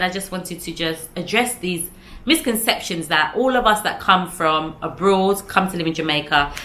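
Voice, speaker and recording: A woman's voice: on the low side, bright, forceful tone. A young British woman with a British accent talking casually to camera, emphatic and repeating her points with tag questions. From United Kingdom. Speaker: vlogger.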